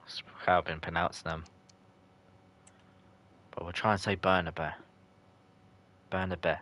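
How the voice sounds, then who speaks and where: A man with a low, deep voice casually narrates his football video game on a live stream. He chats loosely with viewers and calls them by name. He jokes in slang and swears when a match goes against him. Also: little pitch movement, unhurried, a bit bright. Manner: chatty and loose, answers chat viewers by name. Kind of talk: casual live-stream commentary, reacting to chat.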